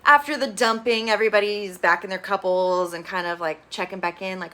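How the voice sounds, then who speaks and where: Speaking a little fast at a medium pitch, a woman gossips her way through a reality TV recap. She's blunt, opinionated, and swears freely, telling the story chattily with bursts of excitement.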